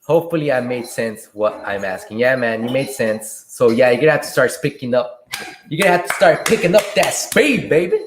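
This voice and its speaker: A man hosting a casual livestream Q&A, reading viewer questions aloud and answering them in a relaxed way from a room at home. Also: mid-range voice, a little fast, noisy background. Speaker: livestream host and delivery driver. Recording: echoey room.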